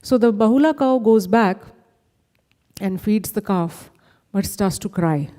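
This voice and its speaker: A woman gently telling a devotional story at a temple, explaining as she goes and often checking in with "right?". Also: medium pitch, a little slow. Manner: gentle, explanatory, with frequent "you know" and "right?". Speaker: speaker at a temple class. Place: temple hall. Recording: long hall reverb.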